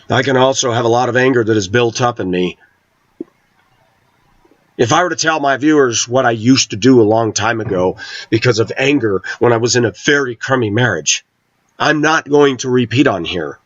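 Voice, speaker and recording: A man's voice: medium pitch, dry recording, muffled recording. A middle-aged man vlogging an opinionated monologue, talking with intensity and hard emphasis.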